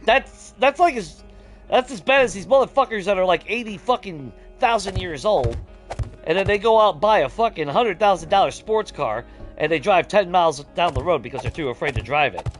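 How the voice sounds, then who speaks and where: Soft background music sits under a man's high voice, which runs a little fast. He is a gaming streamer ranting casually during play, cursing heavily, animated and laughing.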